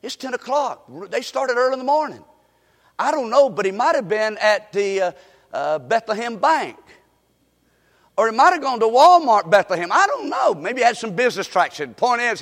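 A man preaching an animated storytelling sermon, often asking the congregation questions. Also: very high-pitched. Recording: echoey hall recording.

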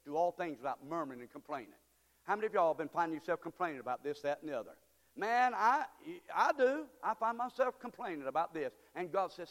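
A man preaching a sermon as pastor, moving between quiet asides and shouted, fervent appeals. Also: on the high side, big pitch swings, brisk. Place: church sanctuary. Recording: long church hall reverb.

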